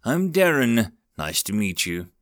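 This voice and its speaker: A man's voice: sing-song, measured pace, no echo, clean studio sound. A man doing a wry patient human wizard. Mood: amused. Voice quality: deep foreign-sounding voice.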